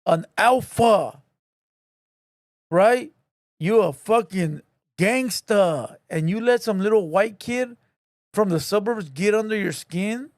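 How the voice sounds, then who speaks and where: A man's voice: high-pitched, lively intonation, slow pace, long pauses, dry recording, studio quality. A man streaming live, reacting to a podcast clip with a mocking, scolding rant.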